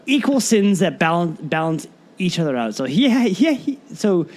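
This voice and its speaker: A man co-hosting a podcast in casual chat, animated and rambling, often stumbling over his words. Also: sits high, normal speed. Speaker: podcast co-host.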